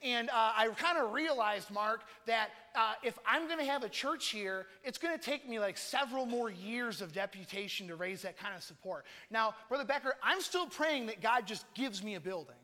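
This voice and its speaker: Bright, high-voiced young preacher man. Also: expressive, normal speed, hardly any pauses. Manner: earnest, personal storytelling, calls on listeners by name. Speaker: missionary preacher. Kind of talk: conversational sermon. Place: church hall. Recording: long hall reverb.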